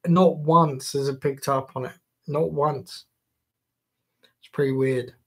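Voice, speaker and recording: Guy live streaming, chill jokey chat, swears a lot, talks slow. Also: mid-range voice, steady tone, a bit bright. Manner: chatty and jokey, swears casually.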